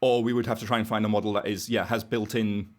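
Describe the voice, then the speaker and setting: A man's voice: lowish voice, flat delivery, fast, darkish tone. A British man, a guest on a podcast, explaining technical ideas in a casual, wry way and thinking aloud as he goes. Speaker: podcast guest, browser engineer.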